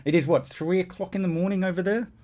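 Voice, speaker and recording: A man's voice: high voice, steady tone, darkish tone. An Australian man hosting a casual chat, talking with frequent restarts. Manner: chatty, laughing, halting restarts. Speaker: host.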